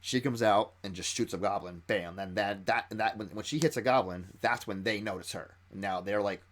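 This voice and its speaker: A man who ran a tabletop game explains how he built an encounter, retelling it in an excited, stop-and-start way. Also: on the low side, a little fast. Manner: excited storytelling with frequent restarts. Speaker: game master.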